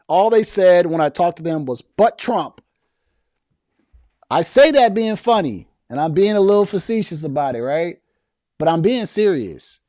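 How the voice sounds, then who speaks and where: A man's voice: high-pitched, lively intonation, moderate pace, warm tone, dry recording, clean studio sound. A man hosting a casual political commentary stream, reading viewer comments and talking loosely with slang, frequent restarts and repeated words.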